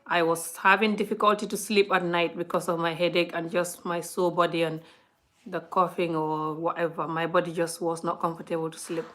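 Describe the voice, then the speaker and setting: A woman's voice: fairly low pitch, normal speed. A woman on a live stream, chatting casually and telling a long story to her viewers. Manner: chatty, talks a lot; animated retelling, often addresses viewers.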